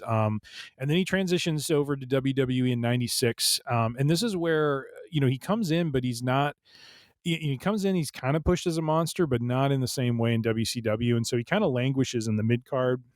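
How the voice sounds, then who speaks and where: A man's voice: medium pitch, fairly quick, no echo. Rambling man co-hosting a podcast. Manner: rambling, many fillers and restarts. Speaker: podcast co-host. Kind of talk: casual chat.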